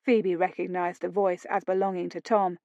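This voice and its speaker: A woman narrating an audiobook romance in a slow, deliberate reading. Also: lowish voice, little pitch movement, a little mellow, no room sound, dull audio.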